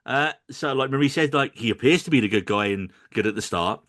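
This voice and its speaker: A man's voice: medium pitch, fairly quick. A middle-aged man co-hosting a podcast, reviewing films in casual joking chat. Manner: joking, animated, quotes others in mock voices. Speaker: podcast co-host.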